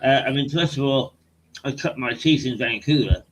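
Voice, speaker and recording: An older male host who speaks at a mid pitch and recounts stories haltingly, often hesitating and restarting his sentences, in casual chat over a video call. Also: slight background noise, poor audio. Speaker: host and journalist.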